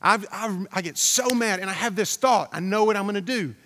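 A man's voice: high-pitched, a little fast, pushed and bright, big-room sound. A man preaching a sermon as a pastor, talking in a conversational, storytelling way, repeating himself and putting questions to the congregation.

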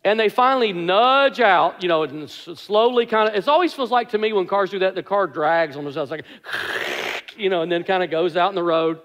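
A man with a high, light voice delivers a sermon, easing into conversational storytelling with a self-deprecating humor. His words ring out with a long reverb, as if heard in a large church sanctuary. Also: brisk, fairly bright tone. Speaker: pastor.

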